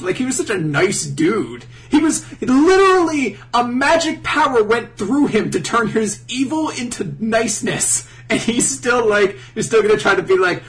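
Animated, profane man chatting, slightly distant mic. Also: extremely high pitch, moderate pace, few pauses. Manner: profane, animated, mocking character voices. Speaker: podcast co-host. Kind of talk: casual chat recapping an anime.

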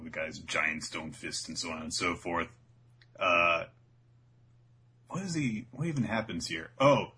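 A man's voice: sits low, bright, forceful tone, a little hiss or hum. A man co-hosting a podcast, casually recapping an episode in a rambling way and laughing often. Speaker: podcast co-host.

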